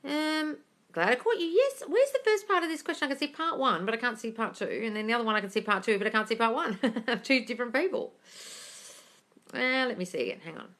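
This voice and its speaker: A woman's voice: a little high, animated, fast talker, fairly bright tone. A woman, hosting a casual live stream and answering viewer questions, calling them darling and gushing over their news.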